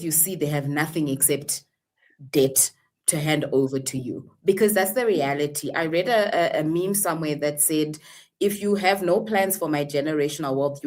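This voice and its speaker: A woman speaking on a panel, earnest and rhetorical, slowing down to stress her points. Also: deep voice, a little mellow. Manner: earnest, rhetorical, drawn-out emphasis. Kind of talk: impassioned panel talk.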